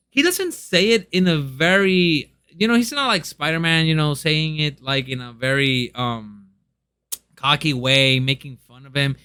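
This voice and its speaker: A man's voice: on the high side, animated, measured pace, sharp tone, smooth, no echo. A young man chatting casually and eagerly in a review, with lots of ums and restarts. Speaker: manga reviewer.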